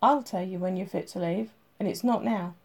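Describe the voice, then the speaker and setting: A woman reads as a calm, firm male doctor holding his ground with a patient. He speaks evenly and without hurry, in a warm, gravelly tone. It is an audiobook reading. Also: medium pitch, moderate pace.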